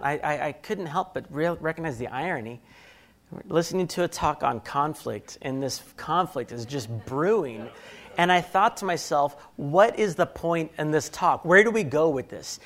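A man's voice: a little high, fairly bright tone. A man, around his thirties, telling a candid, self-deprecating story about his marriage and acting out his own thoughts. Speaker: speaker sharing a marriage story. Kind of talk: personal storytelling talk.

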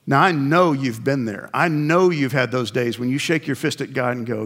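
A man's voice: medium pitch, moderate pace, few pauses, a bit bright. Older man, pastor, conversational sermon, self-deprecating stories, acted asides.

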